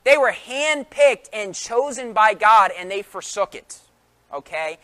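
A man's voice: high voice, expressive, unhurried, sharp tone. A man preaching a sermon in an emphatic way, full of rhetorical questions.

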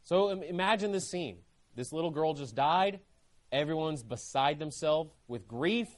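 High-voiced fervent male preacher. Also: animated, measured pace. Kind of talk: sermon.

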